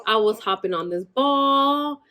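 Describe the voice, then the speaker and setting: A young woman tells a story in a casual, rambling way. Her voice sits a little high, and her talk is full of fillers and exasperated asides. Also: expressive, a little slow, pushed and bright, slight background noise.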